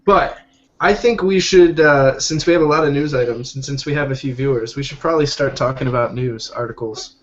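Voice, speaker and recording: A man's voice: medium pitch, fairly quick. A man hosting a casual podcast chat over a video call, joking and rambling with fillers. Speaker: podcast host. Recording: dull lo-fi call audio.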